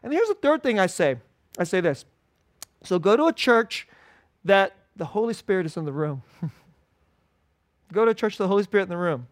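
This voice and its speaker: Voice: mid-range voice, very animated, fairly quick, long pauses, dry recording, studio quality. A pastor giving an informal, conversational sermon at a church service, repeating key phrases and chuckling often.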